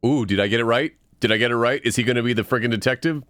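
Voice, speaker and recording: A man's voice: mid-range voice, very fast, no room sound. A man chatting casually and laughing while playing a story game with a friend. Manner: laughing, excitable asides. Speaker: game streamer. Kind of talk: casual let's play chat.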